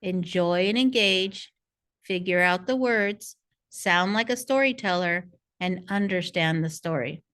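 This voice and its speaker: Woman reading coach, talks slow and patient, encouraging teacher vibe. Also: lowish voice, a bit bright, clear, resonant tone. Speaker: reading coach presenting a parent workshop. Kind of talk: scripted instructional narration.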